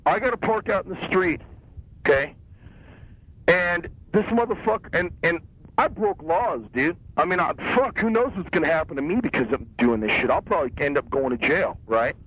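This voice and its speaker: A man's voice: on the high side, lively intonation, moderate pace, slightly rough. Agitated young man ranting, lo-fi tape. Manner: agitated, profane, boastful ranting. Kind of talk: casual phone-style conversation. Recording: muffled lo-fi cassette tape.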